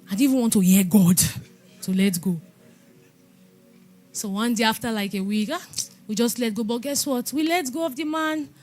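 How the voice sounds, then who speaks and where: A woman pastor giving a lively testimony sermon in an animated storytelling manner. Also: on the high side. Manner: animated storytelling, laughing and exclaiming.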